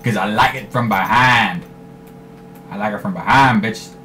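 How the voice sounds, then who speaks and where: A man giving live commentary over his own shooter gameplay, swearing freely and trash-talking in bursts of excitement. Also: lowish voice, normal speed, slight background noise. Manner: profane, excitable trash talk. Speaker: gaming commentator.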